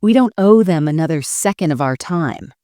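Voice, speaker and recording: A woman doing a calm, firm husband. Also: low-pitched, normal speed, dry recording, studio quality. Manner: calm, unwavering.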